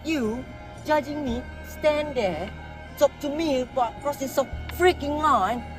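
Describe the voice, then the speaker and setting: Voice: sits high, slow pace. A performer voicing a brash, swaggering male gangster who blusters, sneers and swears a lot. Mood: ranting. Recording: music clearly underneath.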